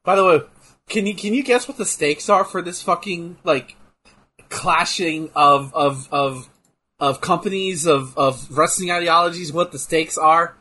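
A man chats casually over a wrestling watch-along, his voice fairly high and bright. He gets excitable, swears freely and trails off into fillers mid-thought. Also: unhurried, breathy edge. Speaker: podcast co-host.

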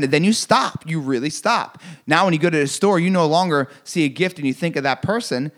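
Speaking briskly with hardly any pauses, this motivational speaker has a high, slightly bright voice. He's intense and preachy, repeating himself and cursing for emphasis while leaning heavily on his audience.

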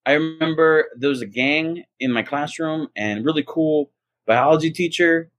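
Animated male storyteller, dry sound. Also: a little high, normal speed, no echo. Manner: animated, acts out quoted voices. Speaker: podcast co-host. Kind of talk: casual storytelling chat.

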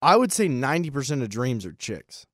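Male co-host, wisecracking sidekick, animated pitch, dry sound. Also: a little fast, dry recording. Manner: wisecracking, teasing interjections. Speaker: radio show co-host. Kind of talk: casual chat.

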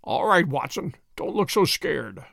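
A man voicing an injured, weakened male detective who mutters hoarsely, calm and scheming. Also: high-pitched, moderate pace, dry recording, studio quality, full character voice. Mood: weak, wry.

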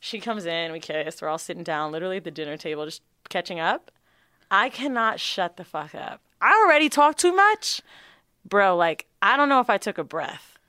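A young woman casually telling a long, animated, profanity-filled story as a podcast co-host. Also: fairly low pitch, a little fast, smooth, dry recording, clean studio sound.

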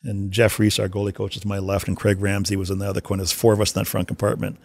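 A man telling casual stories about working in hockey, acting out shouted quotes as he goes. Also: on the low side, racing, vocal fry, dry recording. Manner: animated storyteller, acts out shouted quotes. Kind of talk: casual anecdotal storytelling.

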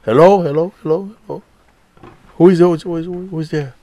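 A man's voice: a little high, brisk, dry recording, voice pushed up, natural voice. A man voicing a questing king who calls out in fright and repeats his questions. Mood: frightened calling. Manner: excited, calling out repeatedly. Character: seeking king, eager then frightened.

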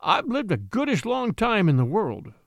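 A man reading the part of a shrewd old male house steward, talking in a folksy, gently scolding way. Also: high voice, huge pitch swings, moderate pace, creaky, dry recording, clean studio sound, voice pushed up, full character voice. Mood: grumbling.

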